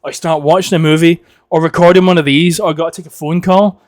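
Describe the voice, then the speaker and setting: A man's voice: fairly high pitch, steady tone, fairly quick. A man from the United Kingdom hosting a solo podcast, rambling and swearing as he jokes and rants. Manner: rambling, profane, joking ranting. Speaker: podcast host. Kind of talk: casual solo podcast monologue.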